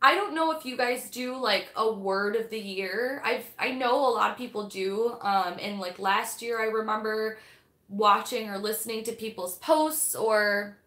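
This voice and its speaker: A woman's voice: on the high side, unhurried, fairly bright tone. A young woman hosting a casual live-stream book club, rambling and chatty with lots of fillers. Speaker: livestream host of a book club. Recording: echoey room.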